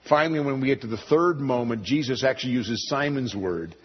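Husky guy preaching, lots of rhetorical questions, kinda dull lo-fi audio. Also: brisk, few pauses. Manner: emphatic, rhetorical questions, big swings in pitch. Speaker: pastor. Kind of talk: sermon. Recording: dull recording in a reverberant hall.

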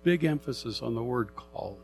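A middle-aged man preaching a sermon, conversational and animated as he reads and explains scripture. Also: mid-range voice, fairly quick, gravelly, a little hiss or hum. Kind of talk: sermon Bible teaching.

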